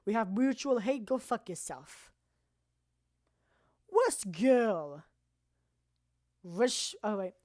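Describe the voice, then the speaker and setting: A woman streamer presenting anime awards in casual, rambling, profane commentary that now and then bursts into loud shouting. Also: medium pitch, unhurried, hardly any pauses, no echo, clean studio sound.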